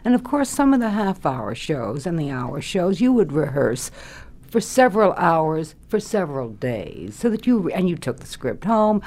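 An older woman, a former radio actress, reminiscing in an interview as an animated storyteller who laughs readily. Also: deep voice, normal speed. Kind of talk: reminiscing conversation.

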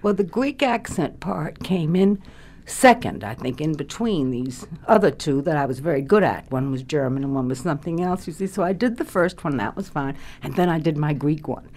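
An older woman with a low voice recalls her radio career in an interview. Her pitch rises and falls freely as she spins anecdotes, and she talks in a chatty, laughing way. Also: lively intonation, moderate pace, a little mellow. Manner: chatty storyteller, laughs often. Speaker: guest, former radio actress. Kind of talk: reminiscing interview.

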